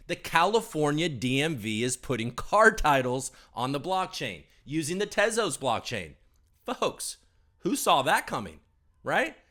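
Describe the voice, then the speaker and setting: A man's voice: medium pitch, fairly bright tone. A man hosting a casual weekly blockchain news rundown, hyped and jokey, addressing viewers as folks. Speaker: host of a weekly crypto news show.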